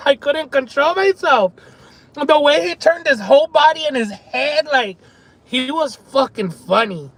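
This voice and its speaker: A man live-streaming a mukbang, telling stories excitedly with lots of swearing and chewing between lines, from a parked car. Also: extremely high pitch, rough recording. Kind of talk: casual live-stream chat while eating.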